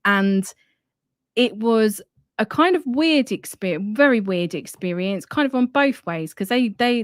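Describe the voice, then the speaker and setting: A woman's voice: mid-range voice, no echo, clean studio sound. A young woman from near London with an Estuary English accent, hosting a casual live chat in a frank, chatty way. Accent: Estuary English, London area. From England, near London. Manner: chatty, frank, laughs easily, swears casually. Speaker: podcast host. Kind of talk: casual live-stream discussion.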